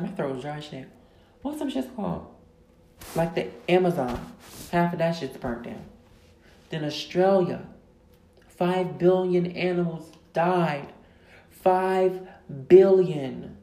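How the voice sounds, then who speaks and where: With a steady tone, a low, dark, mellow-voiced woman hosts a podcast and delivers a profane, casual rant. She is loud and emphatic, swears freely, and stretches words to stress them, all inside a roomy, echoing space.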